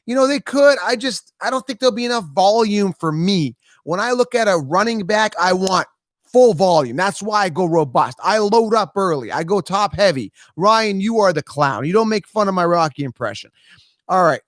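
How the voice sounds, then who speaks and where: A man's voice: high voice, no room sound, studio quality. A man hosting a live fantasy football Q&A stream, talking energetically and hyping up his viewers. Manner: energetic, fast, hypes listeners up. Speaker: fantasy football advice host.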